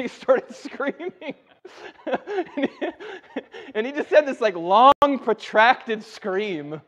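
Pastor, high voice, reverberant church. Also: male voice. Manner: folksy, animated storytelling with rising excitement. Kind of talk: conversational sermon with personal stories. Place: church sanctuary. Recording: dull sound with long hall reverb.

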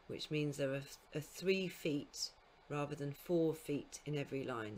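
A woman giving a recorded literature lecture to school students, explaining in a measured way and now and then correcting herself mid-phrase. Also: deep voice, a little hiss or hum. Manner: speaks scansion aloud in sing-song beats. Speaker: university lecturer.

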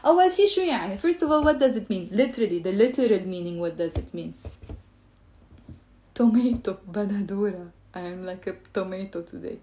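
A woman's voice: mid-range voice, lively intonation, fast, dark tone. A woman with a Lebanese Arabic accent teaching a live-stream language lesson, playful and chatty, repeating phrases for her viewers.

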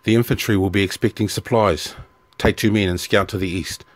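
A man voicing a brooding middle-aged commanding officer who gives quiet orders. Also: fairly low pitch, fairly even intonation, brisk, dry recording, natural voice.

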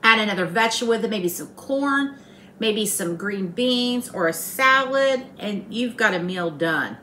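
A woman's voice: medium pitch, expressive, measured pace, bright, forceful tone, a little hiss or hum. Chatty woman cooking at home. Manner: chatty, folksy, teasing. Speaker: home cooking channel host. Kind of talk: casual cooking demonstration. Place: home kitchen.

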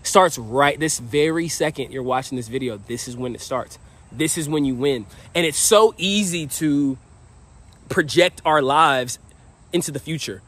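Young guy, slightly high voice, energetic slangy storyteller, casual vlog delivery. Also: moderate pace. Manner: energetic, slangy, heavy use of "like". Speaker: dating vlogger.

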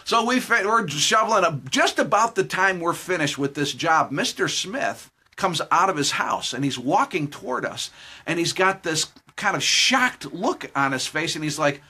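Husky, animated man telling a story. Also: fairly high pitch, moderate pace. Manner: jokey, chuckling, conversational. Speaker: Christian devotional speaker. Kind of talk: live devotional storytelling.

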